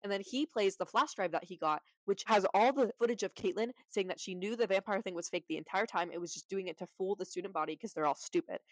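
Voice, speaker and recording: A woman recaps a movie in a chatty, sarcastic way, packing her speech with fillers, especially "like." Her medium-pitched voice moves quickly with hardly any pauses, in a dry, rough recording.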